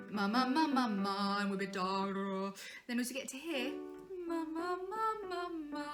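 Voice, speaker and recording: A woman's voice: on the high side, fairly bright tone. A young woman coaching singing in a chatty, encouraging way, breaking into vocal demonstrations. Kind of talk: informal singing tutorial.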